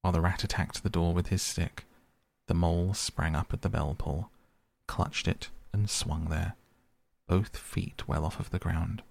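Deep, husky man narrating a classic storybook; measured. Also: fairly even intonation, darkish tone. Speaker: audiobook narrator.

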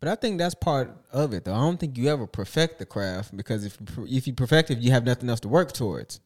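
Relaxed slangy male co-host. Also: medium pitch, quick pace. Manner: relaxed, slangy, repeats "you know what I'm saying". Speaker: podcast co-host. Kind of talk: casual interview chat.

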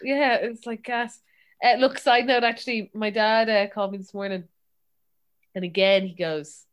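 A young Irish woman co-hosting a chatty podcast, telling animated stories and mimicking her dad. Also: mid-range voice, moderate pace. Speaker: podcast co-host. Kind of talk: casual chat.

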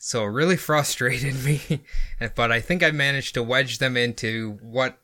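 Bright-voiced young guy hosting a podcast, rambly and laughing a lot. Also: medium pitch, measured pace. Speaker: podcast host. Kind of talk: casual chat and story narration.

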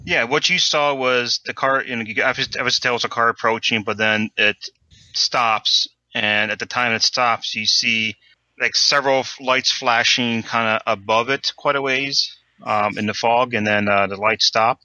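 Bright-voiced hesitant male game master. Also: mid-range voice, fairly even intonation, normal speed, no room sound. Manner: hesitant, many restarts and ums. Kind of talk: running a tabletop game. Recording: slightly dull lo-fi mic.

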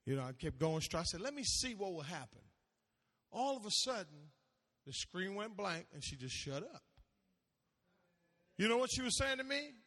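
A man preaching a sermon as pastor, animated, laughing and calling out to the congregation. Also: sits high, moderate pace, long pauses, in a large hall.

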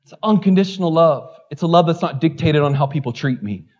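High-voiced, animated male pastor preaching. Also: brisk, slightly rough, dull audio. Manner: animated preaching, swinging from loud exclamations to low asides. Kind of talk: sermon.

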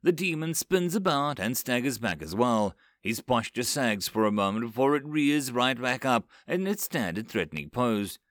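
A man narrating a dramatic story, his pitch swinging widely as he reads. His voice is mid-range and recorded dry and close to the mic. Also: moderate pace, few pauses, no room sound. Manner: animated, story reading.

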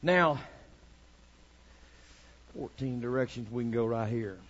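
A man preaching a fiery sermon, swinging from shouted lines to low, mocking asides. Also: slow pace. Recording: dull lo-fi recording.

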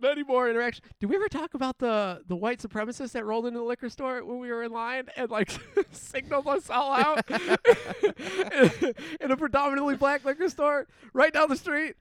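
A man's voice: extremely high pitch, moderate pace, few pauses, fairly bright tone, clear, resonant tone, no room sound. A young man, co-hosting a casual podcast, laid-back and swearing freely, calling everyone dude. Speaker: podcast co-host. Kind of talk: casual crude banter.

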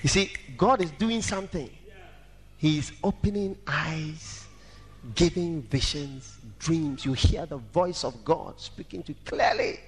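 A man preaching a sermon dramatically, shouting at times and breaking into song. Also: unhurried, slight background noise. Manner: dramatic, shouting and singing, wide swings in pitch. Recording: echoey hall reverb.

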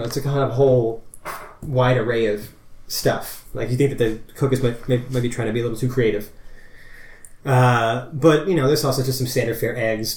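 A man's voice: mid-range voice, a little mellow. A man narrating a tabletop game as game master, rambling and full of fillers. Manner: rambling, filler-heavy, laughing. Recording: roomy echo, faint noise.

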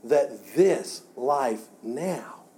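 A man's voice: mid-range voice, lively intonation, extremely slow, warm tone. A man teaching a church Bible class in a conversational way, often repeating words and restarting his sentences.

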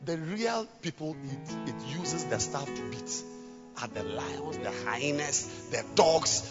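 A man preaching a sermon to pastors, dropping to hushed scripture reading and rising to shouted exhortation. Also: a little high, expressive, slow pace, loud music behind the voice. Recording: lo-fi with long hall reverb.

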